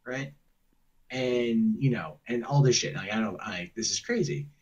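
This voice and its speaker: A man's voice: medium pitch, unhurried, darkish tone. A man telling a long story on a call in a rambling, profane way, often mimicking what others said. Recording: muffled distant secretly recorded call.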